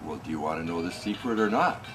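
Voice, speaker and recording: A man doing a hushed, secretive conqueror. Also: animated, quick pace, recorded from a distance, music in the background. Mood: confiding. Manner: low, quiet, confiding.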